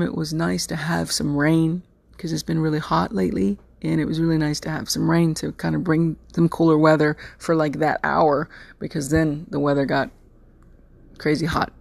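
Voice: medium pitch, gravelly, no echo. A podcast host from Texas in a rambling, chatty solo monologue, full of fillers and self-mocking asides. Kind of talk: casual solo podcast chat.

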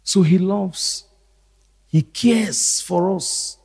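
A middle-aged male pastor preaching a sermon slowly and deliberately, repeating key phrases. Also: high-pitched, creaky, darkish tone, slightly rough, big-room sound.

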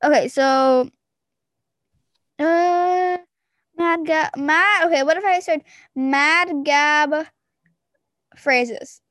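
A woman hosting a casual podcast over a Zoom call, chatty and giggly, breaking into quick excited bursts. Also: high-pitched, no room sound, clean studio sound. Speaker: podcast host. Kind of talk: casual chat.

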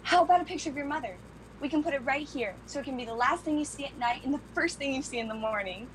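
Actress playing a childlike, eager grown daughter. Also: female voice, high voice, quick pace, slight background noise, natural voice, rough recording. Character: childlike, eager adult daughter pleading with her mother. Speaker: adult daughter. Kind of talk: film drama acting.

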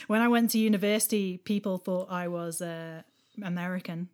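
A woman's voice: on the low side, level tone, normal speed, a little mellow. A woman with a non-regional English accent co-hosting a podcast in chatty, casual talk. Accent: English, not regional. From England. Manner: chatty, laughs often. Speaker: podcast co-host. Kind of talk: casual chat.

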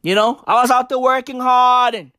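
A man doing stand-up storytelling, loud and profane, full of slang and repeated punchlines, often shouting. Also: very high voice, steady tone, normal speed, no room sound, clean studio sound. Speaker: stand-up comedian.

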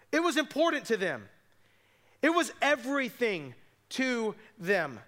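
Bright, high-voiced male pastor preaching. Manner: animated storytelling with quick asides and voiced quotes. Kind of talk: sermon.

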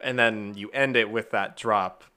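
Bright-voiced man brainstorming on a podcast. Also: fairly low pitch, steady tone, unhurried, clear, resonant tone. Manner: enthusiastic, full of filler words. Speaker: podcast co-host. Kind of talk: casual brainstorming chat.

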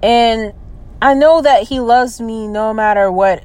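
A young woman in her twenties who talks through her feelings, stopping and restarting with lots of fillers. Her voice sits a little higher than most women's. She sounds down and emotional, as if close to tears. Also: measured pace, a little mellow, rough recording. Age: 20s. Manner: hesitant, many fillers and trailing restarts. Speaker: vlogger. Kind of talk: personal venting vlog.

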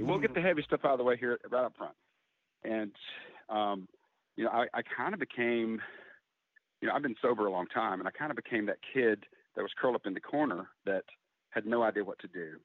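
A man's voice: lowish voice, animated, no room sound. Earnest middle-aged man on a phone line. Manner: open, earnest, halting. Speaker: guest, country singer. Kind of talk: candid interview talk. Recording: tinny phone-like line, dry.

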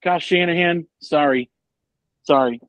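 A man's voice: fairly high pitch, moderate pace, clean tone, no room sound, muffled recording. Rambling man on a sports podcast. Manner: rambling, animated, swears, many fillers. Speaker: podcast co-host. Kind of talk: casual sports chat.

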